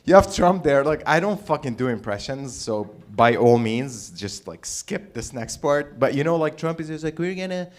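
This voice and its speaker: A man's voice: medium pitch, expressive, moderate pace, hardly any pauses. A man from the Middle East hosting an open mic, doing a brash, rambling stand-up set with swearing, in a small comedy venue on a stage mic. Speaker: comedy host.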